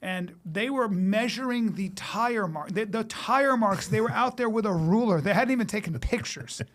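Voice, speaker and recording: A man speaks with a fairly high voice, telling stories in a loose podcast chat. His delivery is punchy and profane, jumping quickly between beats. He sounds like a comedian working the room. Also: expressive, fairly bright tone. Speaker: guest comedian. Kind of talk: animated storytelling in casual chat.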